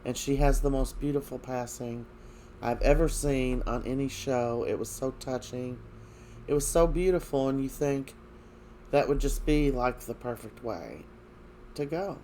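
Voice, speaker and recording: A man with a mellow, medium-pitched voice casually recaps soap opera episodes, hesitating, using many fillers, and clearing his throat often. There's a little hiss or hum in the recording.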